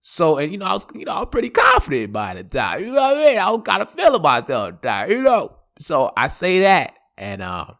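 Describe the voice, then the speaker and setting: A man's voice: fairly high pitch, a little fast, vocal fry, few pauses. A man telling a personal story in a casual, slangy vlog, laughing often. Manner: animated, slangy, laughing a lot.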